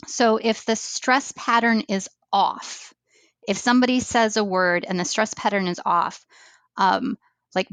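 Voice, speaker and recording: A woman's voice: mid-range voice, clean tone, no room sound. Woman guest explaining, dry close sound. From United States. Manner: thoughtful, many fillers and restarts. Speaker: ESL training coordinator, guest. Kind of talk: explaining in a podcast interview.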